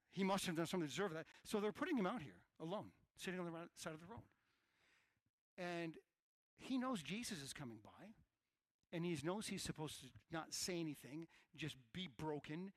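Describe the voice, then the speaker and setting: Animated male preacher with dry sound. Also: fairly high pitch, no echo. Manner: animated preaching, swinging from hushed to shouted. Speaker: pastor. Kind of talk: sermon.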